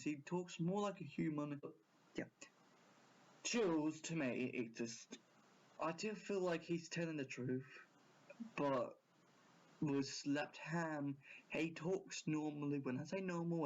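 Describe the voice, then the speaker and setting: A man giving a casual, rambling video review, often hesitating and correcting himself. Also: mid-range voice. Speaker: YouTube reviewer. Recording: dull lo-fi recording.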